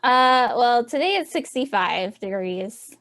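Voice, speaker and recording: A woman's voice: on the high side, expressive, slow, a bit bright. A woman from Tennessee with a Southern accent, an author guest chatting casually and laughing between rambling answers. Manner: laughing, rambling, self-deprecating. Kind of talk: casual interview chat.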